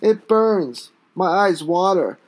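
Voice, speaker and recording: A man reading his own first-person story aloud, with an intense, raw delivery that breaks into sudden shouts. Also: high-pitched, lively intonation, slow pace.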